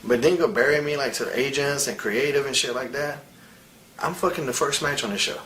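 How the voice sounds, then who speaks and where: A man in his forties speaks in a candid, heated interview, blunt and full of profanity. His voice sits at a middle pitch. Faint noise runs under the recording. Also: fairly quick, fairly bright tone, poor audio. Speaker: interviewee, wrestler.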